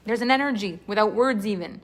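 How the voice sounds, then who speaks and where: A woman's voice: medium pitch, fairly quick, heavy background noise. A woman coaching voice acting in a live online class, talking in an enthusiastic, chatty, rambling way.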